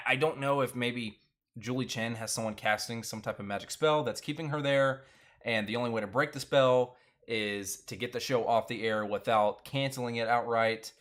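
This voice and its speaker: A man's voice: mid-range voice, fairly bright tone. Man, live-stream host, casual chat, rambling, filler-heavy, laughs a lot. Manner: rambling, many fillers and restarts, laughs often. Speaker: show recap host.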